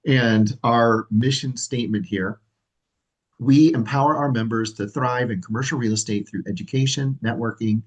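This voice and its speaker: A man's voice: medium pitch, steady tone, moderate pace, rough recording. A man hosting a livestream as association president, talking in an upbeat, rambling way with fillers. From California. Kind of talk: livestream presentation.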